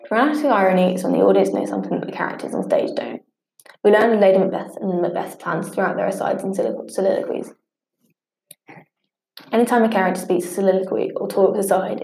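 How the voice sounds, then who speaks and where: A woman reading a scripted study lesson at a steady pace, sometimes stumbling and restarting on harder words. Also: on the low side, gravelly. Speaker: teacher. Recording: echoey room.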